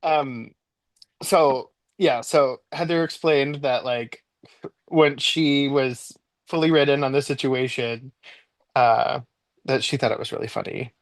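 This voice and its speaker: A man telling a funny story as a podcast guest, chatty and animated, his voice leaping up as he relives his own panic. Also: a little slow, no echo. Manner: animated, jumps high in pitch when replaying his own panic; chatty with frequent likes and ums. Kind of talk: casual storytelling.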